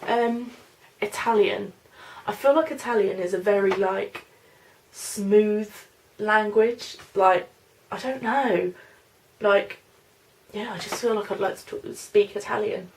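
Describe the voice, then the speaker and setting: Vlogger, woman in her twenties, London-Norfolk accent; mid-pitched with a bit of fry, rambling and unsure in a casual question-and-answer chat. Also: steady tone, takes it slowly, slight background noise. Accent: mix of London and Norfolk English. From London, England. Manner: rambling, hesitant, many fillers and "I don't know". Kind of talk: casual Q&A vlog, reading questions aloud.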